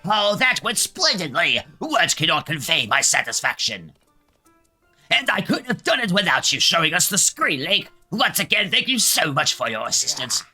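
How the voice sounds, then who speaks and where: A man's voice: fairly high pitch, very animated, moderate pace, bright, forceful tone, soft background music, pitched above the performer's own voice, exaggerated voice. A man reading game dialogue aloud as a cheerful, earnest male village schoolteacher who talks formally and gushes with thanks. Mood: pleased. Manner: polite, formal, gushing.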